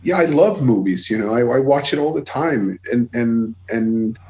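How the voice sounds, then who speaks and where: A man's voice: mid-range voice, normal speed, muffled recording. A Swedish man speaking English with a Swedish accent, a guest chatting on a podcast, telling stories with plenty of swearing and restarts. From Sweden. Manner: swears freely, many restarts, animated storytelling. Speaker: guest musician. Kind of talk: casual podcast chat.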